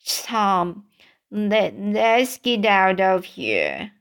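A timid, superstitious boy in a storybook, as a woman reads him aloud. The voice is fairly high and unhurried, with stumbling restarts. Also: a bit bright. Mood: scared. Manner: halting reading with restarts.

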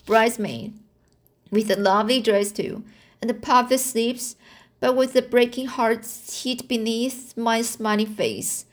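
A woman doing Anne, a gushing, tearful girl. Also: on the high side. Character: passionate, dramatic young orphan girl.

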